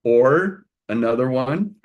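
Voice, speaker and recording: This is a man co-hosting a casual couples podcast with an animated storytelling manner. He acts out both sides of a conversation and laughs often as he talks. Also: medium pitch, takes it slowly, highs cut off. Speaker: co-host, couples coach.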